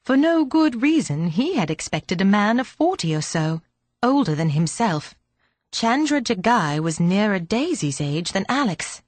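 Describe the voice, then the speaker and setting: A woman narrating an audiobook in a steady, measured reading. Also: mid-range voice, no room sound. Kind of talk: scripted narration.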